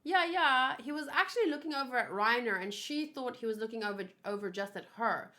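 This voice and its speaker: A woman's voice: on the high side, lively intonation, a little fast, sharp tone. A woman hosting a casual manga read-along, chatting and musing over the pages as she reads the characters' lines aloud.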